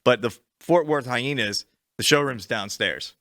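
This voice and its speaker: A man's voice: medium pitch, a little slow, bright, forceful tone, no echo, studio quality. A man co-hosting a comedy podcast, joking and teasing in casual banter, laughing often. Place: small recording studio. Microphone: studio microphone.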